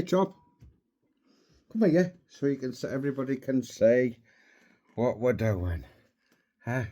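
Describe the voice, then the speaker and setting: A man's voice: mid-range voice, darkish tone. A man chatting to his dog and parrot in doting baby talk with kissing noises. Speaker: pet owner filming his dog and parrot. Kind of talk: casual chat with pets.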